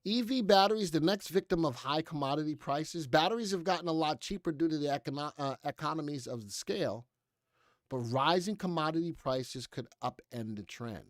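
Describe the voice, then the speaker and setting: A man's voice: fairly high pitch, lively intonation, a little fast, no echo, studio quality. An American man hosting a live stock market show in casual, chatty commentary, reading headlines aloud and skimming past parts. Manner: chatty, reads headlines aloud and skims with "blah, blah".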